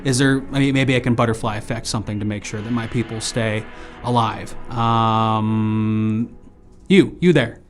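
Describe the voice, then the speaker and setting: A man hosting a live improv comedy show, playing a goofy time-traveling reporter in an animated way. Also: on the low side, normal speed, soft background music.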